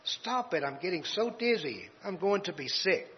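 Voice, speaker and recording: A guy doing a frightened little teacup voice, squeaky and pleading, muffled hall recording. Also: lively intonation, moderate pace. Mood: protesting. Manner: high-pitched, crying out in protest. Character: small fragile teacup, fearful and pleading. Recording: dull lo-fi recording in a reverberant hall.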